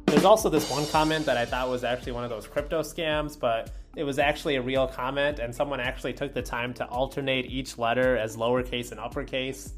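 A man's voice: mid-range voice, a little fast, hardly any pauses, faint music behind. A man hosting a video, reading an article aloud with wry, joking asides in casual commentary.

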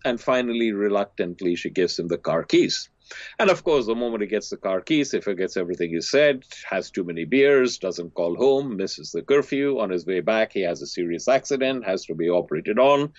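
A low-voiced man, a teacher appearing as a podcast guest, tells stories in conversation and voices characters with big pitch swings. The recording is dry, with a slightly dull lo-fi sound.

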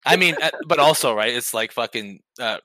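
A man's voice: mid-range voice, expressive, a little fast, sharp tone, dry recording. A man co-hosting a podcast in casual chat, blunt and swearing casually. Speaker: podcast co-host.

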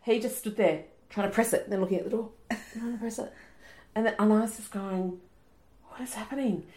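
A woman's voice: on the high side, quick pace. A woman, co-hosting a podcast in casual chat and telling stories with acted-out voices. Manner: animated storyteller, acts out voices. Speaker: podcast co-host.

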